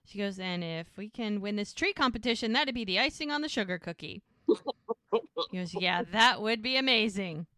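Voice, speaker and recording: A woman's voice: medium pitch, lively intonation, normal speed, sharp tone, no room sound, studio quality. A woman co-hosting a podcast, casually retelling a TV episode by quoting the characters' lines in turn. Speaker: podcast co-host.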